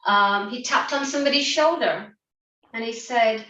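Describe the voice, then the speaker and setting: A woman's voice: a little high, moderate pace, fairly bright tone. A woman guiding an online laughter yoga session, upbeat and encouraging, often breaking into laughter. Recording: roomy, distant from the mic.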